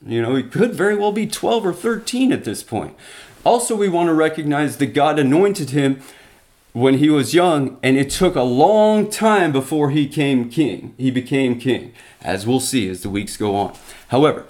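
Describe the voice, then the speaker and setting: A man preaching on a Bible story, retelling it with lively asides and many restarts. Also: mid-range voice. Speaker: Bible teacher. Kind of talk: sermon.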